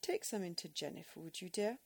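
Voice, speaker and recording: A woman's voice: lowish voice, very animated, fairly quick, vocal fry, slightly rough, full character voice. A woman voicing a fussy, indignant older lady, clipped and huffy. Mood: put-upon.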